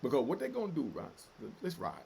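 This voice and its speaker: A man's voice: a little high, huge pitch swings, a little fast, gravelly, darkish tone, slightly rough. A middle-aged man hosting a commentary channel, delivering fiery, emotional, profane street talk in a heated solo rant.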